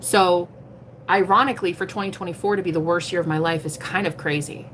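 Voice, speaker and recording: A woman's voice: lowish voice, fairly even intonation, a little fast, a bit bright, slight background noise. A woman talking casually on a livestream as a tarot reader, blunt and emphatic, swearing freely and preaching self-empowerment. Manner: preachy, motivational.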